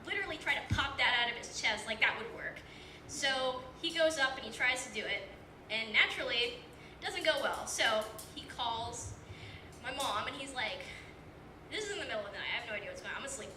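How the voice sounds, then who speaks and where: This eighteen-year-old woman speaks in a fairly high, animated voice, fairly quick, bright and forceful. Her open-mic stand-up set is a rambling, self-deprecating story loaded with fillers, recorded distantly in an echoey small club with a live audience and background noise.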